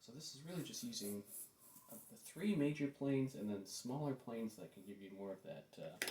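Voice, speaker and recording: A man teaching a drawing lesson, talking through each step as he draws and often dropping to a soft, low voice. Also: normal speed. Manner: relaxed, thinking aloud while drawing, often soft and low. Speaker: art teacher. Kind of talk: drawing demonstration. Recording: echoey room, faint background noise.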